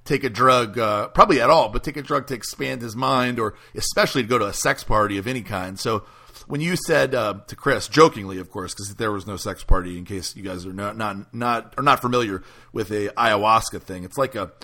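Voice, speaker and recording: A man's voice: fairly low pitch, fairly quick, bright, forceful tone. A man hosting a casual podcast chat, loose and full of fillers, with some swearing.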